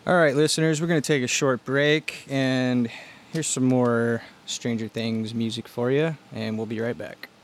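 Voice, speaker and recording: A man hosting a casual podcast chat, agreeable and often chiming in with quick agreement. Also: medium pitch, fairly even intonation. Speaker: podcast host.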